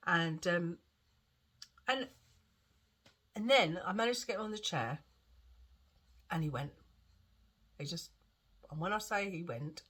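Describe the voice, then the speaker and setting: A woman's voice: sits low, fairly bright tone, husky. A woman with a lingering cough, rambling and repeating herself as she tells a story in a chatty vlog. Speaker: vlogger.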